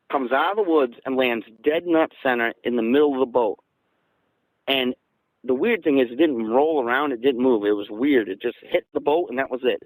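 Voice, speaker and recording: A man from southeastern Massachusetts, a guest casually recounting events in an animated way and acting out the dialogue. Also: medium pitch, no echo, low-quality recording. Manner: animated, acts out quoted dialogue. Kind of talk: casual storytelling.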